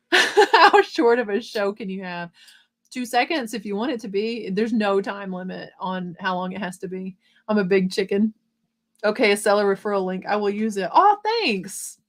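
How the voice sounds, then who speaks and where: A middle-aged woman hosts a casual live stream, talking fast and upbeat as she reads out viewer comments. Her voice sits at an ordinary pitch, and her tone stays encouraging and chatty.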